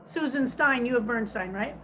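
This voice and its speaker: A woman rabbi teaching a text study over a video call, reading translations slowly and stressing each phrase. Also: fairly high pitch, noisy background.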